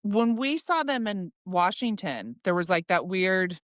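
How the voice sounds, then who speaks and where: A woman's voice: medium pitch, unhurried, no room sound, clean studio sound. A woman co-hosting a podcast, chatting casually and trading stories with her sister. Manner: relaxed, frequent agreeing interjections. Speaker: podcast co-host. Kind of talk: casual chat.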